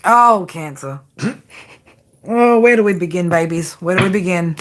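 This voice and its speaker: A woman giving a tarot reading, blunt and profane, often tagging her points with a quick "right?". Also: lowish voice, a little hiss or hum. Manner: frank tough-love delivery. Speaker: tarot reader.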